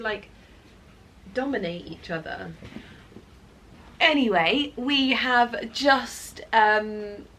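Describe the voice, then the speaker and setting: A woman's voice: medium pitch, fairly bright tone, slight background noise. A woman, chatting casually at home in a gushing, rambling way as a lifestyle vlogger. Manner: gushing, rambling, searches for words. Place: home, indoors.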